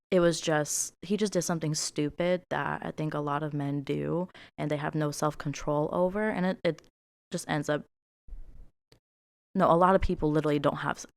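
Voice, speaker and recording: Low, smooth-voiced young woman chatting. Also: fairly even intonation, normal speed, no echo. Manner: open and emotional, many fillers and restarts. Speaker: podcast co-host. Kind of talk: casual podcast chat.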